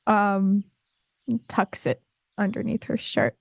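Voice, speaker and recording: A woman playing a tabletop game, talking in a halting way with many fillers. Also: medium pitch, very animated, gravelly, no echo. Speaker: player.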